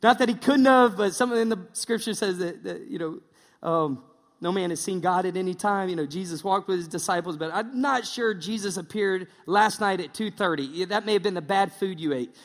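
A man's voice: high voice, fairly quick, long reverb tail. A male pastor preaching a casual, joking sermon, slipping into mocking impressions.

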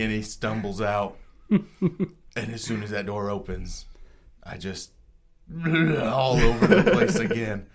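A young adult man telling a story in casual podcast chat, rambling, profane and self-mocking. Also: on the low side. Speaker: podcast co-host.

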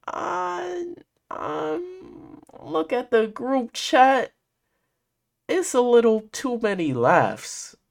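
A young man hosting a podcast, casually telling a story in heavy slang and laughing often. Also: mid-range voice. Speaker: podcast host.

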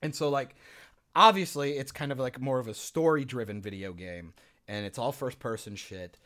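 A young man co-hosting a casual podcast chat, telling stories in an animated, profane way and acting out his own reactions. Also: mid-range voice, moderate pace. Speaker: podcast co-host.

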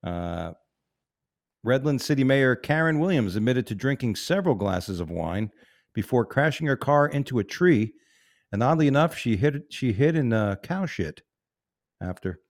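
A man's voice: medium pitch, sing-song, normal speed, no echo, clean studio sound. A married man co-hosting a podcast, reading news stories in a loose, profane, joking way. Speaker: podcast co-host. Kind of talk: casual crude news chat.

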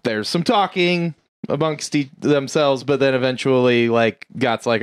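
A man casually recapping a movie plot on a podcast, acting out the characters' lines in quick bursts. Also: medium pitch, smooth, dry recording, studio quality. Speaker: podcast co-host.

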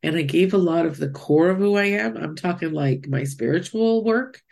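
A woman from Pennsylvania telling an animated personal story in a casual chat. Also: fairly low pitch, moderate pace, vocal fry. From US East Coast, Pennsylvania. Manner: animated storytelling, quoting others.

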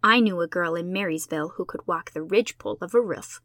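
A woman's voice: fairly low pitch, fast, a bit bright, no room sound, studio quality. A woman voicing a proud, imaginative schoolgirl who makes solemn, dramatic declarations. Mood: scornful.

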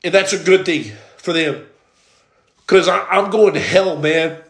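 Brief: man, a bit high-pitched, blunt and streetwise, giving testimony, echoey room. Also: animated, unhurried. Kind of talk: personal testimony, preacher-like storytelling. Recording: roomy echo.

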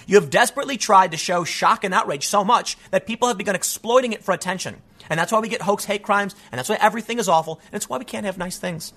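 Man, online show host, solo commentary, high voice, bright tone. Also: fast, hardly any pauses. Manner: emphatic, animated, acts out quoted voices.

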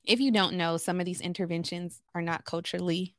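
A woman's voice: on the low side, fairly even intonation, a little fast, no echo, clean studio sound. A woman from Los Angeles, a therapist, telling candid stories as a podcast guest with many fillers. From Los Angeles, USA. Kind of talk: podcast conversation.

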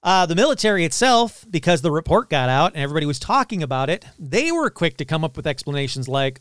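A male podcast host with a fairly high, very lively voice that jumps around in pitch. His tone is smooth and clear, and the sound is dry and close, with no room echo. He talks in a casual, irreverent way, full of fillers and blunt asides. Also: quick pace, few pauses.

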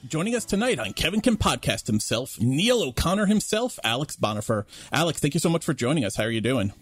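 A man's voice: on the high side, sing-song, fast talker, breathy edge, faint music behind. A man co-hosting a podcast, introducing his guest in a playful, joking way. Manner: playful and jokey. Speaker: podcast co-host.

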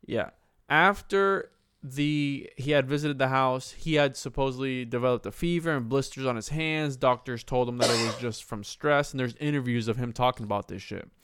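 Smooth-voiced man telling a haunting story. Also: medium pitch, moderate pace, fairly bright tone. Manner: loose, profane storytelling with restarts. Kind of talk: casual podcast chat, retelling a haunting story.

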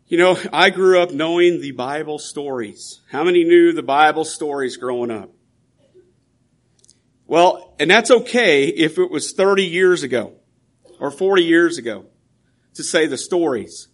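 A man's voice: on the high side, a bit bright. A man preaching a sermon in an earnest, emphatic, conversational way, often restarting his sentences.

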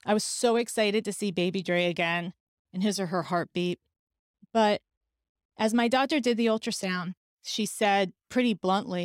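A woman shares a painful personal story on her own podcast. She speaks candidly and with feeling, and slips into the voices of the people she quotes. Her voice sits at a medium pitch and sounds dry and close, with no room echo. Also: normal speed, clear, resonant tone. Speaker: podcast host.

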